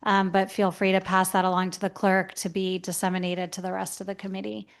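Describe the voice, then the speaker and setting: A woman's voice: mid-range voice, monotone, brisk, no room sound, clean studio sound. A woman chairing a legislative committee hearing, courteous and procedural.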